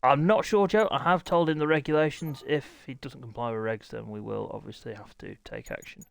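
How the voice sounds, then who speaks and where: A man's voice: medium pitch, brisk, gravelly, dry recording. Harried male streamer, dry mic. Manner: harried, apologetic, talking to chat while setting up. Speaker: streamer running a racing league. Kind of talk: live-stream chat to viewers.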